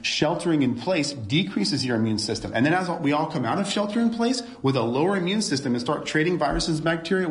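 A man's voice: medium pitch, echoey room. A middle-aged man, a doctor giving an emphatic press briefing full of rhetorical questions.

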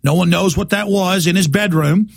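A man putting on a mocking high voice as a smug, dismissive official brushing off concerns. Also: normal speed, creaky, dry recording, clean studio sound, faint music behind. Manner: mocking, sing-song.

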